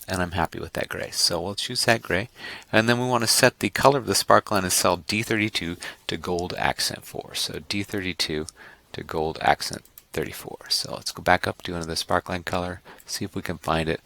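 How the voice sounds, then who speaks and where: Speaking briskly in a low, creaky voice, a man runs a screen-recorded software tutorial for his online class. He rambles and corrects himself, adding joking asides for the students.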